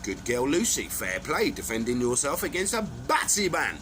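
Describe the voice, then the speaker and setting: Man, angry profane rant, accusing, mid-pitched voice. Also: very animated, normal speed, noisy background. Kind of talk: rambling monologue to camera.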